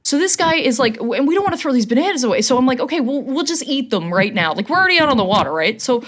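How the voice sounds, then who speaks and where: A young adult woman co-hosting a podcast, telling a comedic story in a casual, animated way and laughing as she goes. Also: high-pitched, very fast. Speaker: podcast co-host.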